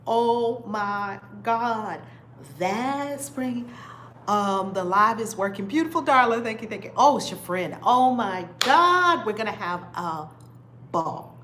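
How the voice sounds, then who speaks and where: A woman's voice: a little high, animated, slow pace, a bit bright, slight background noise. Exuberant woman livestreaming, echoey room. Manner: exuberant, greets viewers with repeated catchphrases. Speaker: spiritual teacher hosting a livestream. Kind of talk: excited livestream chat greeting viewers.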